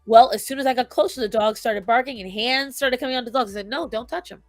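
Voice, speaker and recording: A woman's voice: fairly high pitch, quick pace, no room sound, soft background music. A woman co-hosting a casual talk show, speaking emphatically and acting out quotes as she makes her points. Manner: emphatic, opinionated, acts out quotes. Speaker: podcast co-host. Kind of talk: casual chat on pet behavior.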